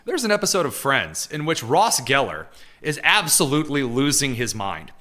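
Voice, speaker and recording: Sarcastic, bright-voiced male commentator. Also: mid-range voice, big pitch swings, moderate pace. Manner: sarcastic, mocking. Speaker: political commentary host. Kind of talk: live political commentary.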